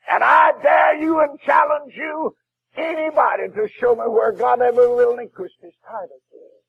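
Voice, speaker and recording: A man preaching a fiery sermon as a Baptist preacher, shouting with a crying preaching cadence. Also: extremely high pitch, creaky, slightly rough, narrow, tinny audio.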